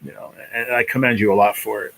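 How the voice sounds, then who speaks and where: A man's voice: medium pitch, steady tone, fast talker, gravelly, fairly bright tone, low-quality recording. A man hosting a casual live stream, talking in a rambling, emotional way, full of "you know", and close to tears. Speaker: livestream host.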